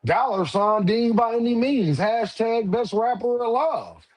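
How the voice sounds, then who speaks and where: A man hosting a casual livestream, firing off lively, repetitive shout-outs to viewers with slangy banter. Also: very high voice, measured pace. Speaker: livestream host.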